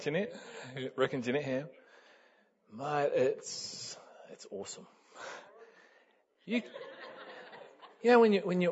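A man preaching a sermon, telling a story with lively energy and laughter, building up to loud exclamations. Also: mid-range voice, slightly rough. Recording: dull lo-fi sound.

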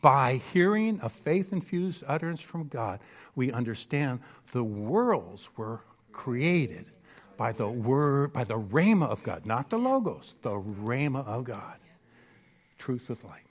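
A man preaching a sermon on a church stage, animated and emphatic, often checking in with the crowd. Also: mid-range voice, takes it slowly. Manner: animated and emphatic, with frequent rhetorical "Hello?" checks. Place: church stage before a live audience.

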